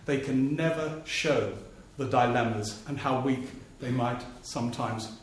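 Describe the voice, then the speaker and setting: A man's voice: medium pitch, a little slow. A man, a political journalist, telling anecdotes in a live stage talk before an audience and mimicking politicians' voices for laughs. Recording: very echoey live theatre recording, faint noise.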